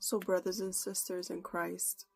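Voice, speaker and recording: A woman preacher praying fervently and giving a prophetic message, slow and pleading. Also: on the low side, little pitch movement, vocal fry. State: holding back tears.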